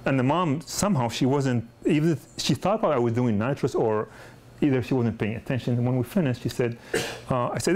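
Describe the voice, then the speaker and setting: A man's voice: medium pitch, a little fast, a little mellow. Middle-aged dentist guy teaching a class, chatty, keeps restarting sentences. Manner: conversational, with frequent restarts and repeated words. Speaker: pediatric dentist teaching a course. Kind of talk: lecture with personal anecdotes.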